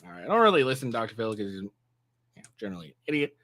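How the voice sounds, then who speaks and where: Man, rambling sarcastic commentary vlogger, animated pitch, dry close sound. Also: very fast, no room sound. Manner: rambling, with fillers and sarcastic asides. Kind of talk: casual reaction commentary.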